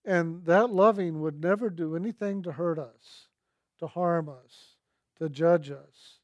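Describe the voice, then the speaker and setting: A man's voice: fairly high pitch, unhurried, darkish tone, no room sound, dull audio. A man earnestly telling a personal story from his school days. He speaks reflectively and quotes the people in it in his own voice.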